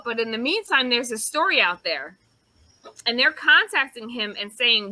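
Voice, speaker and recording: A woman's voice: fairly high pitch, moderate pace, dry recording, poor audio. A woman co-hosting a casual podcast, retelling a story with lots of swearing and acted-out quotes. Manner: animated storyteller, swears freely, acts out quotes. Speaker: podcast host.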